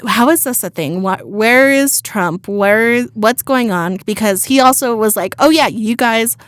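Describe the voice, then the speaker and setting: A woman's voice: fairly high pitch, a little slow, no echo, clean studio sound. A young woman co-hosting a podcast, chatting expressively with sighs and sarcastic asides. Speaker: podcast co-host. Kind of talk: casual chat.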